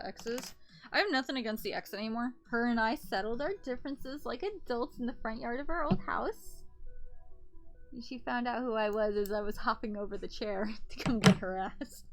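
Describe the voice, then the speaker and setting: Blunt, foul-mouthed woman streamer. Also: a little high. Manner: blunt, profane, gossipy storytelling. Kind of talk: casual chat while sewing a plushie.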